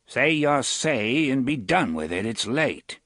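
A man's voice: medium pitch, very animated, slow pace, fairly bright tone, no room sound, clean studio sound, pitched above the performer's own voice, exaggerated voice. A man voicing a menacing older gunman with a wavery, sneering voice in an audiobook. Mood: curt. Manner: sneering, mocking. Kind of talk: audiobook character voice.

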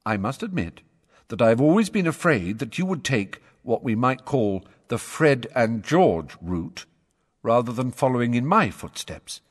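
A man's voice: medium pitch, big pitch swings, unhurried, big-room sound. A man reading out a stern letter in the voice of a pompous, self-important young man. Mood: lecturing.

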